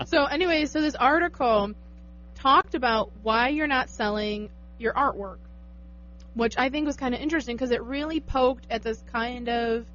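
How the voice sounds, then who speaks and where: A young woman co-hosts a local radio show, chatty and quick to laugh. Her voice sits a little higher than most women's. The sound is dull and lo-fi, like a small radio stream. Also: a bit bright, slight background noise. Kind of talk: casual radio banter.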